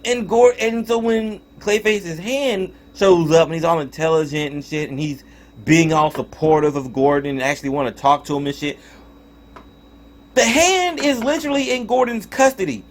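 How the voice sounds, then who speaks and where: A man's voice: on the high side, lively intonation, moderate pace. A young man giving a casual spoken review of a cartoon episode, swearing and ranting in exasperation with frequent restarts. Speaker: TV show reviewer.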